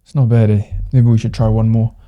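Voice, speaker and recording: A man hosting a casual software tutorial, talking loosely and thinking aloud as he clicks through a demo. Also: on the low side, flat delivery, fairly quick, highs cut off. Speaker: tutorial host. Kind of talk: casual screen-recorded software walkthrough.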